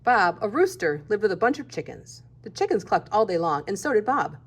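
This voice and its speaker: Woman reading a kids book out loud, bouncy animated voice, a bit husky, does the animal noises. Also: mid-range voice, a little fast. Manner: expressive, voices animal sounds. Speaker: storybook reader. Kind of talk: reading a picture book aloud.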